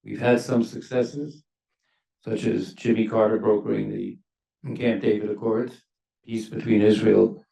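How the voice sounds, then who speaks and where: A former ambassador on a panel speaks in a gravelly, mid-range voice with a dark tone, measured and emphatic as he leans on key words. He is an older man giving panel discussion remarks in a university lecture hall, and the distant mic picks up the hall's echo.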